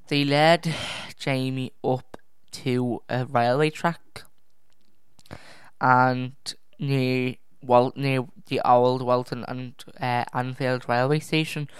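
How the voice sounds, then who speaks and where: Young true crime podcast host, casual and easily distracted, clear voice, dry home mic. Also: mid-range voice, no echo. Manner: rambling, self-correcting, easily distracted; sighs and drops to a near whisper at times. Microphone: own podcast microphone.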